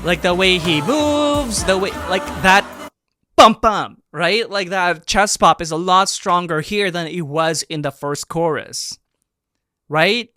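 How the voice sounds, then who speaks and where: A young man hosting a reaction video, excitable and gushing, breaking into bursts of shouting and laughter as he breaks down a dance performance. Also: high voice, unhurried, over music. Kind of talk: animated reaction commentary.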